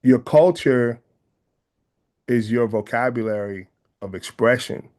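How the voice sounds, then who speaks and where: This Bay Area man, with the region's accent, is an interview guest who talks earnestly and in a measured way, frequently rephrasing his thoughts. His mid-range voice has a darkish tone, and the conversation is reflective.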